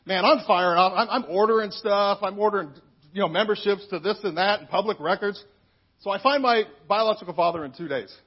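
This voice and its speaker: A man's voice: high-pitched, brisk, breathy edge, lo-fi sound. A man in his fifties, a minister, telling his own story in a candid, conversational church testimony with plenty of asides. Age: 50s. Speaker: minister giving a personal testimony.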